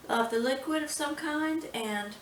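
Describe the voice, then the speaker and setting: Slow-talking woman in a kitchen. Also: high-pitched, far from the mic, slight background noise. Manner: chatty, unhurried, says "y'all". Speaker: home cooking show host. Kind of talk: casual cooking tutorial. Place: home kitchen. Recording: echoey kitchen, mic set back.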